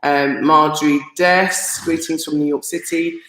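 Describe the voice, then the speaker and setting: A woman hosting a live stream, reading out viewer comments and greetings in a chatty, excitable way, often laughing and stumbling over names. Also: low voice, a little slow, slight background noise. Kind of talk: casual live stream chat. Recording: roomy echo.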